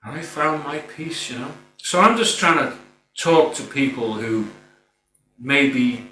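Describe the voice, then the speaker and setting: Slow and forceful, a middle-aged spiritual speaker's bright, mid-range voice carries lively intonation through an earnest, informal reflection. He rambles a little with frequent "you know"s, heard through a distant mic in a roomy space with a faint hum.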